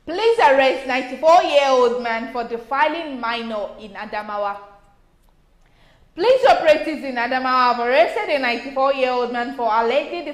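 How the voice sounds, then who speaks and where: A Nigerian woman with a Nigerian accent co-hosting a news review, reading headlines evenly and chatting. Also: high-pitched. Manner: reads headlines evenly, chats with quick laughs. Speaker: news review co-host and reader. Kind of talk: news reading and casual commentary. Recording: echoey room.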